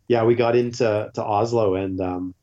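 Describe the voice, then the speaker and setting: A man who is a podcast guest, telling lively anecdotes in casual chat and swearing freely. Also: on the low side, normal speed. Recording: dull lo-fi podcast audio.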